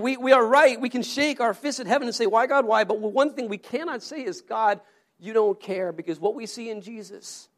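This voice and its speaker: A male pastor giving a conversational sermon, asking the congregation questions and often repeating his words. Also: very high-pitched.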